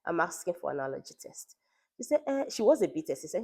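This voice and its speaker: A woman's voice: medium pitch, big pitch swings, fast talker, mellow, breathy edge. A woman in her thirties telling her family's story in a conversational vlog, retelling what others said, with frequent fillers. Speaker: parent vlogger. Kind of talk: personal storytelling.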